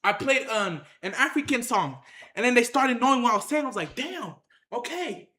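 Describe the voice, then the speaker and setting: A speaker telling a wild story to viewers in casual slang, acting out fights with shouted sound effects and repeated phrases. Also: mid-range voice, moderate pace, reverberant. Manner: excited, acts out the action with sound effects and shouts. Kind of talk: animated tall-tale storytelling to viewers.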